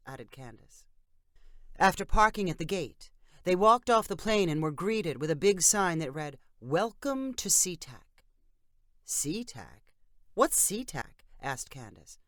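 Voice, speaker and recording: A woman's voice: lowish voice, fairly bright tone, no room sound, clean studio sound. A woman reading a short story aloud, giving the friends and the phone assistant lightly varied voices. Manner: reads all characters in a lightly varied voice. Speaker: narrator. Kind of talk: scripted story narration.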